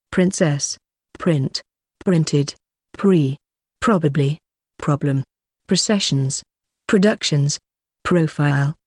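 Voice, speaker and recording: A woman reads a vocabulary list one word at a time, very slowly. Her voice is low, mellow and a little husky, in a dry, close recording. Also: dry recording. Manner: slow, evenly paced, one word at a time.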